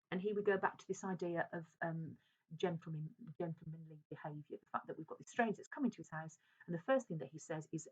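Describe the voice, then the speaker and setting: A woman teacher who reads from a novel and talks through each passage. She speaks hesitantly, with many fillers and restarts. Her voice is low and husky, and the recording sounds dull and lo-fi. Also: fast talker. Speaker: English teacher. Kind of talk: reading and explaining a novel.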